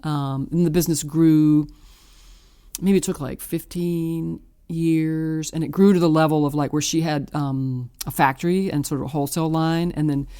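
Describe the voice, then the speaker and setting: A woman's voice: sits low, steady tone, moderate pace, dark tone. A woman in her fifties from the American South, talking in a casual, rambling way with many fillers and restarts. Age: 50s. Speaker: artist guest. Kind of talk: casual interview.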